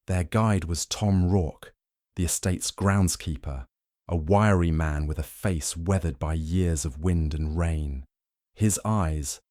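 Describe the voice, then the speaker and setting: Brief: measured male audiobook narrator, deep voice, dry close recording. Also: a little mellow, no echo.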